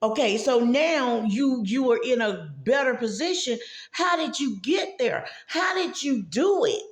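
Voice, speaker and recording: A woman's voice: high voice, animated, unhurried, roomy sound. A woman giving a motivational talk about mental health, with a preachy, emphatic manner that speaks straight to the listener.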